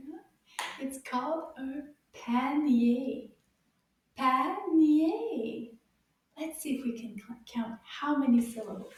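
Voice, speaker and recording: A woman with a high voice leads a slow, animated language lesson for small children. She repeats each word gently so they can copy it. She is heard from off-mic in a very echoey room. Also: recorded from a distance. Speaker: children's French teacher.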